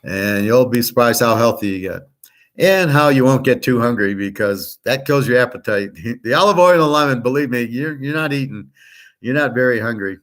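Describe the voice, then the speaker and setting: A man's voice: mid-range voice, expressive, normal speed, fairly bright tone. A man in the middle of his range rambles through a casual monologue, blunt and full of fillers. He drifts from one thought to the next and swears freely as he talks straight to his listeners. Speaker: host of a picks and markets channel.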